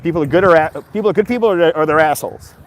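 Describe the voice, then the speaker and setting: Rapid-fire and fairly high in pitch, a Brooklyn-accented livestreamer in his fifties from Brooklyn, New York bluntly fields comments from viewers in a casual stream. He's outside in a busy seaside city area.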